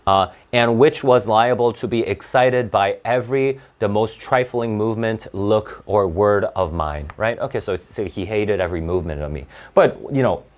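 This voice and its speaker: A young male tutor walks students through a reading passage in a relaxed, blunt way. His pitch swings widely as he keeps asking rhetorical questions, with plenty of "uh" and "right?" along the way. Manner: casual, blunt and animated, asking rhetorical questions with many fillers. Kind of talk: online tutoring lesson, reading a passage aloud and explaining it.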